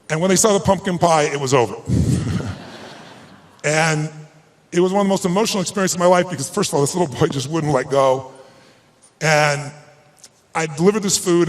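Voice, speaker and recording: A man giving a motivational speech at an event, telling an emotional personal story with emphatic delivery. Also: high-pitched. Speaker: motivational speaker. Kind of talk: speech to a live audience. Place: event stage.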